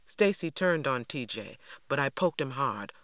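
A man reading a first-person story aloud with steady, expressive narration. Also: mid-range voice, measured pace, no echo. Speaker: audiobook narrator.

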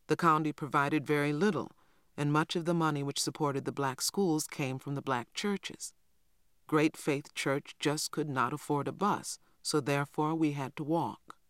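A man narrates a novel in a steady, measured reading voice. His tone sits a little on the high side. The recording is dry and close, with no room sound. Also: no room sound. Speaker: audiobook narrator. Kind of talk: scripted narration.

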